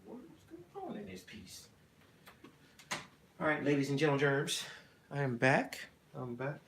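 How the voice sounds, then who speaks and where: A man's voice: on the high side, sing-song, unhurried, gravelly, background noise. Playful man chatting on a phone stream. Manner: playful, teasing chat viewers. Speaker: streamer hosting his own channel. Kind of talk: casual livestream chat. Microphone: iPhone on a selfie stick.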